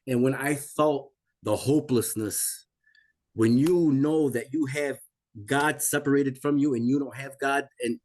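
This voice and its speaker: A man in his forties tells a deeply personal story to an interviewer. He speaks with raw intensity, circling back on words and breaking off sentences to start again. His voice sits at an ordinary middle pitch for a man. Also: steady tone, unhurried, darkish tone. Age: 40s. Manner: intense, repetitive, restarts mid-sentence. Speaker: guest telling a near-death experience. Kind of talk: emotional personal testimony.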